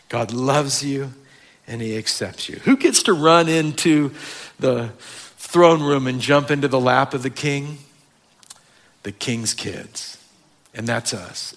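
A male pastor preaching a sermon, telling stories with acted-out dialogue and dropping to slow, soft emphasis on key lines. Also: medium pitch.

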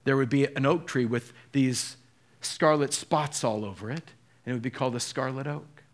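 A man's voice: medium pitch, normal speed. Earnest man preaching a sermon. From Southern California. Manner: earnest, building to impassioned peaks. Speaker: pastor.

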